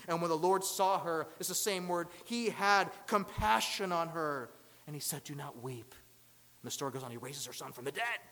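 A man preaching a sermon as pastor, asking rhetorical questions and swinging between loud emphasis and hushed lines. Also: high-pitched, in a large hall.

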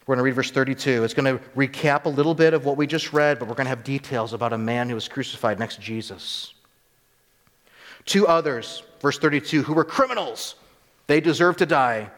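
A man's voice: medium pitch, a little fast, fairly bright tone, in a large hall. A man preaching a sermon as pastor, earnest and emphatic, often rising sharply on rhetorical questions.

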